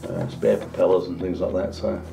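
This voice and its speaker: A man's voice: big pitch swings, moderate pace, creaky, music in the background. A man talking casually through a home vlog, unboxing a drone and chatting as he goes. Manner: chatty, talks to his dog in a high singsong voice. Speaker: vlogger.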